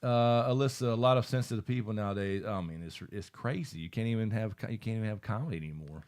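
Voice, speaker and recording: A man with a lowish, somewhat dark voice talks quickly while hosting a casual live stream. He's laid-back and rambling, reading viewers' comments aloud as he goes.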